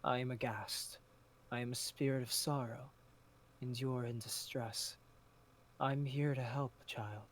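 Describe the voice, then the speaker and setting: A man voicing a gentle, tentacled spirit of sorrow in a told story, speaking slowly and soothingly. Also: medium pitch, fairly even intonation, close to an everyday voice. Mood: comforting.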